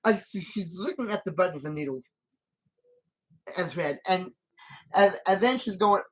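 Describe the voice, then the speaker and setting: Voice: medium pitch, animated, moderate pace, long pauses, a bit bright, poor audio. Rambling, emphatic film commentator. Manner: rambling and repetitive, with many restarts; argues emphatically with the character. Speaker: channel host.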